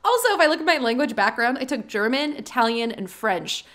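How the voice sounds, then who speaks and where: A woman's voice: a little high, sing-song, a little fast, fairly bright tone. A woman co-hosting a podcast, chatting in an upbeat, giggly and earnest way. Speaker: podcast co-host. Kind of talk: casual chat.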